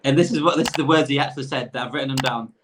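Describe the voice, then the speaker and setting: A man's voice: medium pitch, rapid-fire, noisy background. A man co-hosting a casual podcast, often laughing and restarting his sentences. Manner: laughing, hesitant, repeats words. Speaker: podcast co-host.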